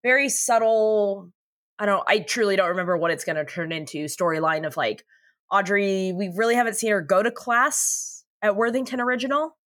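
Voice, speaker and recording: Woman, podcast co-host, casual recap, swears a lot, bright sharp voice, dry close sound. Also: mid-range voice, moderate pace, no echo. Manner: chatty, profane, laughs often. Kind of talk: casual chat.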